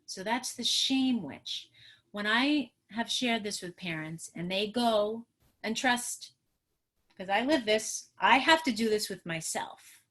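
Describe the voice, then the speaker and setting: A woman presenting a parenting webinar as a trauma specialist, emotional and animated, acting out what parents say to children. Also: mid-range voice, slow. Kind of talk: expressive webinar teaching.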